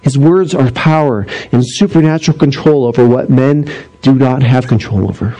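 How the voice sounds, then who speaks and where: Animated preacher with a mellow voice. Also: male voice, rough recording. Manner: animated storytelling, acting out voices; drops low and slow for solemn points. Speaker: pastor. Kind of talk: sermon.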